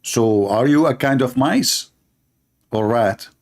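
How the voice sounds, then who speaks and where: A man's voice: medium pitch, slow pace, a little mellow. A man hosting a show, giving sarcastic, teasing commentary in non-native English. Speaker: host. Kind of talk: mocking commentary on a clip.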